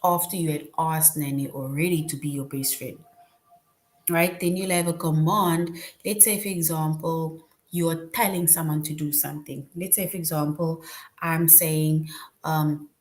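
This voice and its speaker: Patient woman teacher, lowish voice. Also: fairly even intonation, a little slow. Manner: patient, repeats "right?" to check understanding; explains step by step with examples. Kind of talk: online class lesson.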